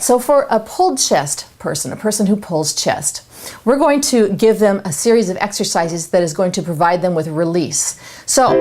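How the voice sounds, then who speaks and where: A woman vocal coach, giving a singing lesson with clear, instructive explanations. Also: medium pitch. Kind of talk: singing lesson with sung demonstrations.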